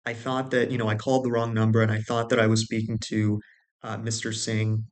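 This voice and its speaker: A man's voice: lowish voice, completely flat delivery, fairly quick, close to an everyday voice. A man voicing an insistent woman lawyer who accuses him over the phone, in his own everyday voice. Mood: apologetic.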